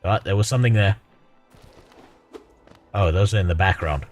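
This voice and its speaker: A man's voice: sits low, normal speed, lo-fi sound, soft background music. A man commentating casually on a video game, crude and joking, swearing when he fails. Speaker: streamer.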